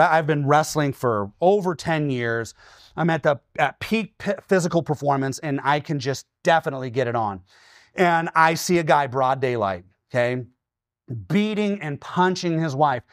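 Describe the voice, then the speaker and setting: A pastor in his forties from Washington state preaching a sermon, telling stories with lively, acted-out quotes and often checking in with "okay?". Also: fairly high pitch, normal speed, dry recording, clean studio sound. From Washington state, USA. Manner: animated storytelling, acting out his own quoted lines.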